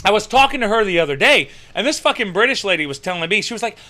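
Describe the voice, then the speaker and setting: Animated high-voiced man hosting a podcast. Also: quick pace. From United States. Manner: animated, swearing, loud laughs. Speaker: podcast host. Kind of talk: casual chat reading live chat.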